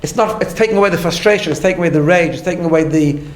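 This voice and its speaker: A man with a fairly high voice teaches a class at a very fast clip, captured with roomy sound in a recorded lecture. Earnest in manner, he walks through his ideas step by step and often tacks "right?" onto his lines.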